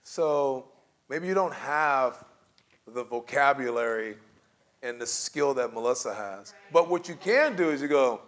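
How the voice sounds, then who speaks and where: A man leading a church group discussion, animated and often laughing, acting out sample replies. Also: mid-range voice, unhurried. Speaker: church class leader.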